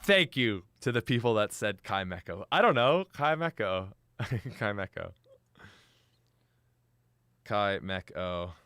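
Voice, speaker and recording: A man's voice: medium pitch, big pitch swings, normal speed, bright, forceful tone, dry recording, studio quality. A young adult man chatting on a live stream, laughing often and talking straight to his chat. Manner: giggly, frequent laughter; chatty, addresses chat directly.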